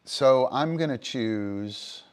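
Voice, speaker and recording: A man's voice: mid-range voice, drawn-out words, smooth. A man livestreaming as a dog trainer, explaining his methods casually with frequent fillers and "right?" checks.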